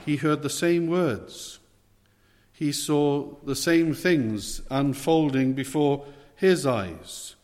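Male preacher, sermon delivery, measured and emphatic, long hall reverb. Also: a little high, a little mellow. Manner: measured, emphatic preaching with slow stressed phrases.

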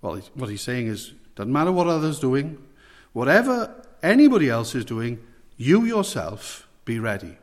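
A man's voice: mid-range voice, very animated, normal speed, in a large hall. A man preaching an evening sermon, earnestly putting direct questions to his listeners.

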